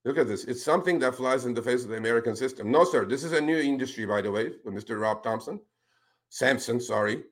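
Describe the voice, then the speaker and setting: A man hosting a talk show, speaking in casual, animated commentary that turns indignant as he calls out politicians with a pointed "sir". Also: mid-range voice, fast talker. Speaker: podcast host.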